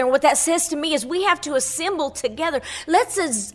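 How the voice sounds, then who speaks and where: A middle-aged woman tells her testimony on a radio show with preacherly fervor. Her voice sits a little high for a woman and climbs higher as she presses each point. She repeats phrases and leans into scripture as she speaks. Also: expressive, brisk, hardly any pauses, fairly bright tone. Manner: fervent and preacherly, swells on key phrases, repeats words. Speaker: guest giving a testimony. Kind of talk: impassioned spoken testimony on radio.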